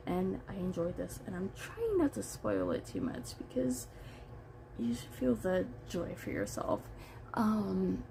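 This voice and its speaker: A woman reviewing a book in a relaxed, rambling vlog. Her voice is gravelly and mellow, and she takes her time, with a faint hiss of room noise behind her. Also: mid-range voice, rough recording. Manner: chatty, rambling, self-deprecating.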